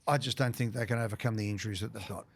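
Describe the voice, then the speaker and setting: A man's voice: on the low side, fairly even intonation, gravelly. Australian man hosting football talk radio. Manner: brisk, leads the segment. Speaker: radio host. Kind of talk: casual sports radio banter.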